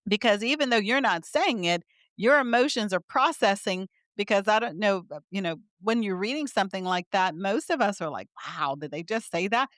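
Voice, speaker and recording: A woman's voice: mid-range voice, animated, a little fast, a bit bright, no room sound, clean studio sound. A middle-aged woman, a physician guest, explaining ideas earnestly in conversation with light laughs. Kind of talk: conversational interview.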